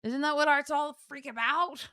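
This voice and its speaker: A woman's voice: sits high, fairly even intonation, normal speed, bright, forceful tone, no echo, clean studio sound. A woman co-hosting a podcast, speaking frankly and earnestly in casual chat, with frequent fillers like "like" and "you know". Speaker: podcast co-host.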